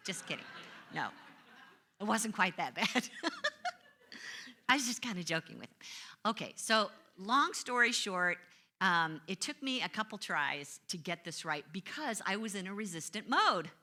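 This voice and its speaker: Middle-aged woman minister, bright clear tone, chatty sermon, pokes fun at herself. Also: lowish voice, very animated, a little slow. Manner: conversational, self-mocking storytelling with acted-out complaints.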